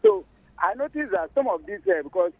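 A man with a Nigerian accent calling a radio show, telling a story in a halting, hesitant way. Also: high-pitched, sing-song, gravelly. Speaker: caller. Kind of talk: phone-in storytelling. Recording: muffled phone line.

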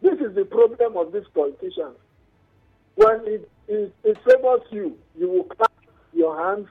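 A male caller speaking on a phone-in radio show, animated and preachy, dragging out words for emphasis. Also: very high-pitched, unhurried, vocal fry, breathy edge. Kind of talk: phone-in call. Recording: tinny phone line on radio.

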